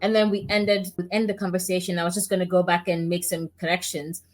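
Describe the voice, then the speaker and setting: Woman host, lively storyteller, chatty interview tone. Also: lowish voice, fast, soft background music. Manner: animated storyteller who acts out quoted lines. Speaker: podcast host. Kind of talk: conversational podcast interview.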